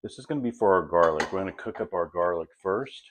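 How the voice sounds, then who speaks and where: A middle-aged man hosting a home cooking demonstration, walking through each step in a relaxed, chatty way. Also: low-pitched, fast talker, background noise. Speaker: home cook host.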